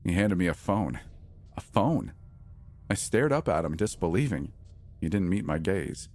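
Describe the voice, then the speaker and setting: A man reading a first-person horror story as the show's narrator, in a measured, tense way. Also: low voice, lively intonation, darkish tone.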